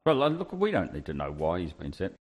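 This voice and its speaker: A man with a lowish voice chatting about last session. He teases his friend and says plainly what he thinks the plot needs. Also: wildly swooping pitch, fast, breathy edge. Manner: teasing and blunt. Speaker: player. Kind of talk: casual recap of a tabletop game.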